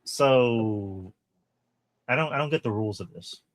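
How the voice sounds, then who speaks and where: A man's voice: mid-range voice, unhurried, dry recording. A man co-hosting a podcast, chatting casually about a horror film, swearing a lot and acting out lines from it. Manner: animated, swears a lot, acts out movie lines. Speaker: podcast co-host. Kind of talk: casual movie review chat.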